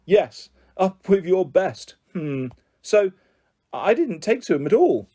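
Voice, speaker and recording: A man's voice: high-pitched, sing-song, slow, warm tone, breathy edge, voice pushed up, exaggerated voice. A man voicing an exasperated, chatty mother in an audiobook. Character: exasperated mum, adult woman, chatty. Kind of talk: audiobook character voice.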